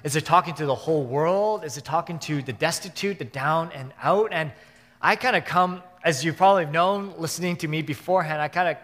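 A man's voice: on the high side, fairly quick, a bit bright. A man preaching a sermon as pastor, earnest and given to repeating and restarting his words. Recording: long hall reverb.

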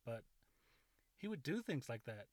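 A man's voice: mid-range voice, big pitch swings, measured pace, no echo. Man, 30s, casual profane storyteller, rambling delivery, dry recording. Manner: rambling, profane, laughing often.

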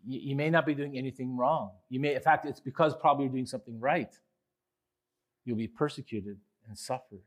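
A male pastor preaching a sermon, swinging from quiet reflection to loud, impassioned pleading. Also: fairly quick. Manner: impassioned preaching, rising loud when voicing the psalmist; drops low and quiet on reflective points.

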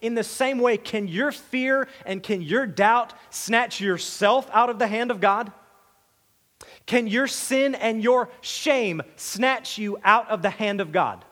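A man with a high voice preaches a sermon in a conversational, emphatic way, often stumbling over repeated words. His voice rings with a long reverb, as in a church sanctuary. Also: slow, fairly bright tone. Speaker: pastor.

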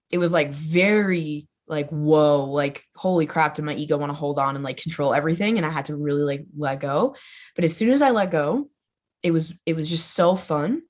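A young woman talking as a podcast guest in a casual conversation. She is loud, playful and blunt, fills her talk with "like" and swears freely. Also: low voice. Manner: chatty, says "like" constantly, swears freely.

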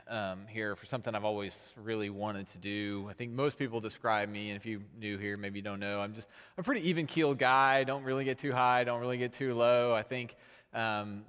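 Pastor preaching in a reverberant church. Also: male voice, medium pitch, a bit bright, clear, resonant tone. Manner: conversational, builds to emphatic peaks. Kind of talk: sermon. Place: church sanctuary. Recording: long hall reverb.

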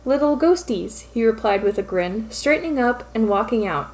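A woman reading fan fiction aloud as narrator in an even, steady storytelling manner. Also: medium pitch, fairly quick.

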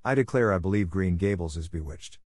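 A man voicing a stern, strict middle-aged farm woman in an audiobook, brisk and scolding. The recording is dry and close. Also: low-pitched, lively intonation, darkish tone, no room sound. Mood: bewildered. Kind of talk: audiobook character reading.

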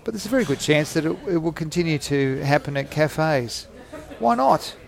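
A man's voice: on the high side, a little fast, vocal fry. A man in his forties, hosting a rambling, jokey, self-mocking solo podcast recorded in a cafe. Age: 40s. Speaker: podcast host.

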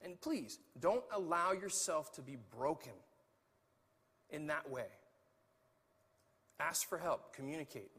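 A man preaching in a church with a husky voice that swoops up and down with animated energy. He calls out to the congregation as he goes, and his voice carries a long echo from the hall around him. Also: a little high, takes it slowly, long pauses. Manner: lively preaching with asides to the congregation. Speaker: pastor. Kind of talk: sermon. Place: church sanctuary. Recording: echoey hall.

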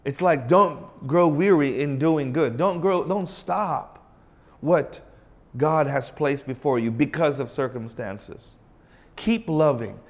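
A man preaching a sermon, emphatic and asking his listeners rhetorical questions, and drawing out key phrases slowly. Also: fairly high pitch. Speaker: pastor.

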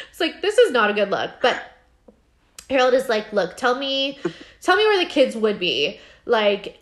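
A woman with a fairly high voice chats through a show recap, leaning on fillers and slipping into quick voices for each character. Her telling is loose and animated, a co-host's casual rundown. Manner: animated, filler-heavy, acts out characters' lines. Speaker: podcast co-host. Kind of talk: casual episode recap chat.

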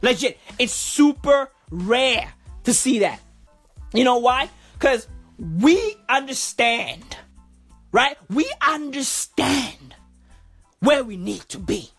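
A woman with a husky voice, doing a profane, slang-heavy comic rant. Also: on the high side, takes it slowly, soft background music. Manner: profane, repetitive, animated slang. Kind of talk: comedic rant monologue.

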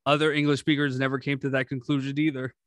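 A man's voice: medium pitch, flat delivery, fast, a bit bright, dry recording. A man in casual, rambling podcast chat, swearing freely and laughing often. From grew up around Guyanese speakers.

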